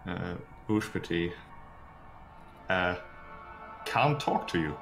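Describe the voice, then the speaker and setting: A man running a tabletop game as game master, narrating with hesitant pauses. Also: low-pitched, animated, fairly bright tone, faint music behind. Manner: hesitant, filler-heavy narration.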